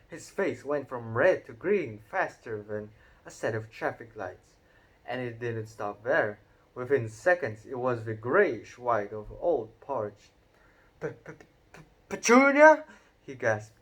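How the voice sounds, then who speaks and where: A man narrating a children's novel aloud in an unhurried, expressive reading with occasional stumbles. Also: mid-range voice. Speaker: audiobook narrator. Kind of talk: storybook read-aloud narration.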